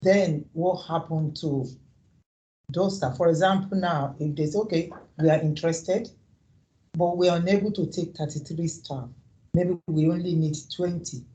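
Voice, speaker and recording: A woman's voice: on the low side, normal speed, mellow, highs cut off. A woman councillor asking earnest, probing questions at a committee meeting and restating them to make her point.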